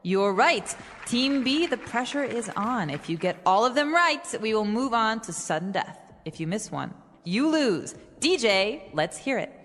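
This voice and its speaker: A woman's voice: a little high, big pitch swings, unhurried, a bit bright, long reverb tail. A woman hosting a game show, announcing the rules with building tension.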